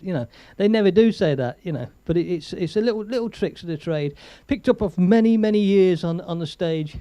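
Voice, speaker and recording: Older comedy guy rambling on his stream, highish voice, dry close sound. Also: lively intonation, brisk, few pauses, mellow, smooth, no room sound. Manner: rambling, chuckling, thanks viewers. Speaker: comedian host. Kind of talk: chatty comedy live stream.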